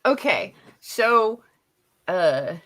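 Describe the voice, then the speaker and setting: A woman's voice: medium pitch, sing-song, very slow, a bit bright. A woman hosting a casual livestream chat, laughing often and swearing freely. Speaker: streamer host.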